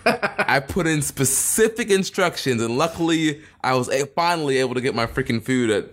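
A man co-hosting a casual wrestling podcast, relaxed, laughing along and steering the talk back to the topic. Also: mid-range voice, normal speed. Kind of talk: casual chat.

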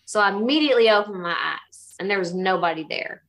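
A middle-aged woman telling a ghost story casually in an animated way, acting out the voices she quotes. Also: mid-range voice, brisk. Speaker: guest telling a haunting story.

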